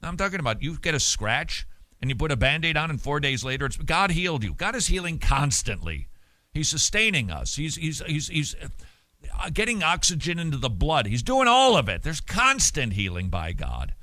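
A man hosting a show, answering listener mail in casual talk, animated and emphatic with many restarts and repeated words. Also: fairly high pitch, normal speed, dry recording. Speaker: radio show host.

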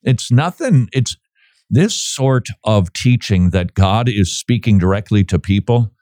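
A man's voice: lowish voice, lively intonation, unhurried, darkish tone, dry recording, clean studio sound. A man co-hosting a podcast, talking through religion and news in a sarcastic, joking way. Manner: sarcastic, joking, laughs often. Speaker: podcast co-host. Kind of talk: casual commentary.

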